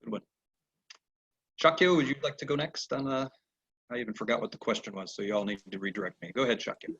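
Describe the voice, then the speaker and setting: A man teaching a horse training lesson over a video call, telling animated stories and acting out the horses' replies. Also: medium pitch, fast, breathy edge. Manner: animated storyteller who acts out horses' replies. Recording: dull lo-fi video call audio.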